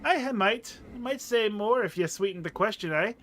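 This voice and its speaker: Male streamer doing a rude young tailed girl, raised voice, rough slang, mocking and curt, game reading. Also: sits high, lively intonation, normal speed, a bit bright, a little hiss or hum, voice pushed up. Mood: surly.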